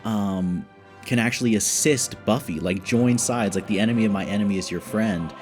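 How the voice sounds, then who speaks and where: A man with a fairly low voice talks through an episode in a relaxed, chatty way. He sounds excited and thinks out loud as he goes, with faint music underneath. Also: normal speed. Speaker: reaction video host. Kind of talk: casual reaction commentary.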